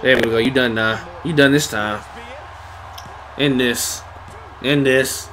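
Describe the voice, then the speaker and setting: A man's voice: mid-range voice, fairly even intonation, slow pace, pauses often, a bit bright. A man playing a wrestling video game, muttering and swearing at the screen in frustration. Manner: talks to himself and the screen. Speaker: gamer. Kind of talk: casual gameplay commentary.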